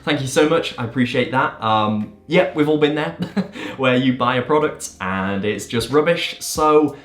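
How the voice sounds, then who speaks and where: A man's voice: medium pitch, unhurried, a bit bright. Enthusiastic man, roomy sound. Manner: enthusiastic and emphatic. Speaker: magician and video host. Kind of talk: Q&A video answering viewer questions. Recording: roomy echo.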